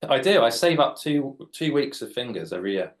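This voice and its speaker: A man's voice: mid-range voice, big pitch swings, moderate pace. A man, a children's author chatting and joking as he draws live for young readers. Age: late 40s. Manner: chatty, jokey, explains while drawing. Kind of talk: live drawing demonstration for children.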